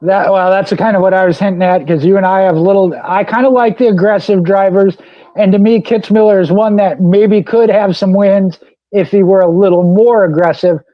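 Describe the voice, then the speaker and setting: Male co-host, high voice, dry muffled lo-fi sound, rambling racing chat. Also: fairly even intonation, a little fast, no room sound. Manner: rambling, repeats "like I said" and "you know". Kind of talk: casual racing talk radio chat.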